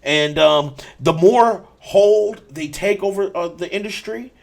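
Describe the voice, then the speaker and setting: A man's voice: sits high, takes it slowly, creaky. A man hosting a casual gaming podcast, talking bluntly and repeating himself as he rants. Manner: blunt, repetitive, restarts often. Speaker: podcast host.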